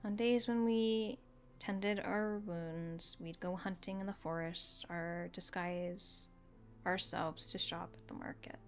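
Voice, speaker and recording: A woman streaming a video game, reading its story text aloud in a soft, level voice. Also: on the low side, fairly even intonation, slow pace, soft background music. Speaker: gaming streamer.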